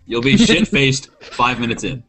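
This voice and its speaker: A man co-hosting a podcast, joking in an animated way. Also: mid-range voice, normal speed. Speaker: podcast co-host. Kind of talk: casual podcast banter.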